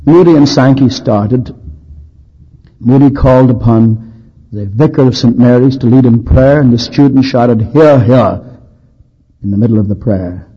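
A man's voice: medium pitch, moderate pace, husky, highs cut off. A man preaching a sermon, telling historical stories in an anecdotal, dryly humorous, emphatic way.

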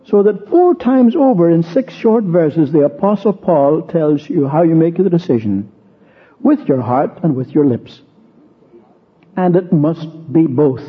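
Husky man, preacher, raised voice, tinny narrow-band recording. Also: on the high side, animated, unhurried. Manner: walks through verses, stresses repeated words. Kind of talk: expository sermon with a personal story.

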